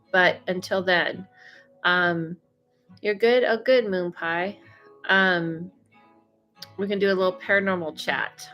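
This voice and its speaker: A woman with a mid-range, slightly bright voice hosts a casual psychic-medium livestream from her Los Angeles home, chatting and reading viewer comments with plenty of fillers and laughter. She sounds a little congested from allergies, and faint music plays in the background.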